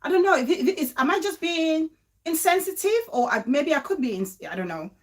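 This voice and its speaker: A woman's voice: sits high, lively intonation, a little fast. A woman hosting, reacting in casual commentary to a played clip, often breaking into laughter. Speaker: host.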